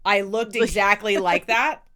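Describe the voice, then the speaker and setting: A woman's voice: medium pitch, fairly even intonation, measured pace, sharp tone. A middle-aged woman co-hosting a casual podcast, venting bluntly with plenty of swearing and mock outrage. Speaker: podcast co-host. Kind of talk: casual ranting chat.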